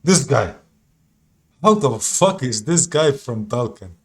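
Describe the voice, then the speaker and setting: A man's voice: medium pitch, expressive, slow pace. A man giving casual reaction commentary in an insistent, repetitive way, sometimes swearing. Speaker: reaction streamer.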